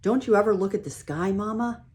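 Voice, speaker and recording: A woman reading a storybook aloud at home, voicing a hurried grown man who teases his mother in a quick, light way. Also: high voice, a little mellow, pitched above the performer's own voice, natural voice. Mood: teasing.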